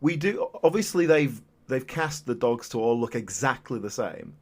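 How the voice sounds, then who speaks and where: A man's voice: mid-range voice, animated, moderate pace. A man co-hosting a podcast, trading dry, teasing jokes in casual chat. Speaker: podcast co-host.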